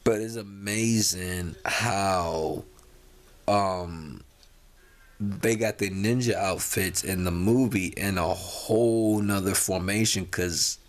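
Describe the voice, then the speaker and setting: Tired, rambling low-voiced man. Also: slow pace. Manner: rambling, informal, many restarts and fillers. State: tired, yawning. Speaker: vlogger. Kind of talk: casual talk to camera.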